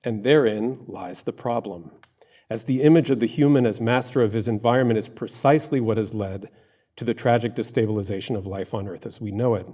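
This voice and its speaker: A man giving a live academic lecture to an audience, halting in his unscripted remarks and measured and literary when reading his paper. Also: on the low side, mellow.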